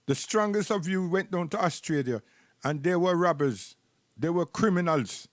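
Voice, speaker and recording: A man's voice: sits high, expressive, moderate pace, no room sound. Preachy Jamaican man, dry close sound. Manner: preachy, repeats words while searching. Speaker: live stream host. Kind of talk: rambling live-stream commentary.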